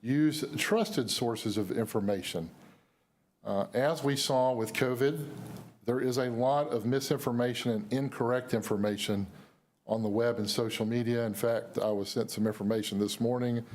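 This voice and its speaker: A man, an emergency manager, giving a measured briefing at a city news conference, his voice going hoarse, with frequent "uh" and "um" fillers. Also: mid-range voice, steady tone, darkish tone. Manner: measured, filler-heavy official delivery. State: losing his voice.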